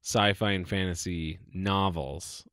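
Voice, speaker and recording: A man's voice: sits low, steady tone, slow pace, fairly bright tone, dry recording, studio quality. A man co-hosting a podcast, easygoing and a little hesitant as he talks his thoughts through. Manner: easygoing, hesitant, thinks aloud. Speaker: podcast co-host. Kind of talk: casual chat.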